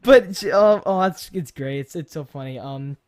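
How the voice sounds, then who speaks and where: A young man, co-hosting a casual podcast, telling rambling stories full of swearing and loud acted-out quotes. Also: fairly high pitch, lively intonation, a little slow. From New York. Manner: rambling storyteller, swears a lot, acts out quotes loudly. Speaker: podcast co-host, YouTuber. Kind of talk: casual chat.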